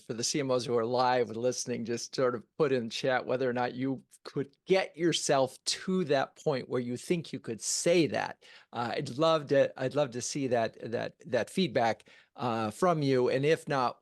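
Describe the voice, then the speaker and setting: A man hosts a live interview in a friendly, halting way, with many restarts. His voice sits at a middle pitch, and the sound is dry and close, with no room echo. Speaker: host. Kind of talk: casual interview chat.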